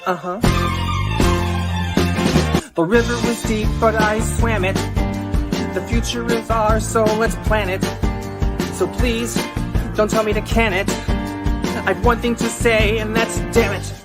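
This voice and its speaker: A man singing as an earnest, clean-cut young man proposing, in a bright stage-musical show tune from a film. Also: high voice, fairly even intonation, measured pace, long pauses, loud music behind the voice. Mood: devoted.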